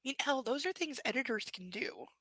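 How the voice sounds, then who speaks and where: A woman's voice: high-pitched, lively intonation, fairly quick, a bit bright, no room sound. Sarcastic woman reading a book aloud. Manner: sarcastic, incredulous asides. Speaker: book reader and commentator. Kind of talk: live reading with commentary.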